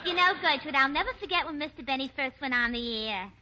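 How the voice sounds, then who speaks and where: A woman's voice: high-pitched, lively intonation, fast talker, lo-fi sound, very noisy. A catty switchboard operator. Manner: chatty, catty gossip. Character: gossipy female switchboard operator. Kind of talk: 1940s radio comedy acting.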